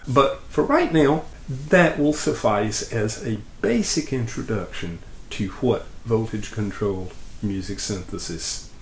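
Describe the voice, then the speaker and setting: A man's voice: medium pitch, roomy sound, a little hiss or hum. A man explaining ideas step by step in a demonstration lesson, in a patient, plain way. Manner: patient, plain explanations with lively ups and downs. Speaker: instructor.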